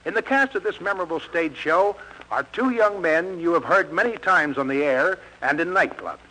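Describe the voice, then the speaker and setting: A man's voice: on the high side, lively intonation, normal speed, pushed and bright, low-quality recording. A man announcing on a 1940s radio show, polished and upbeat.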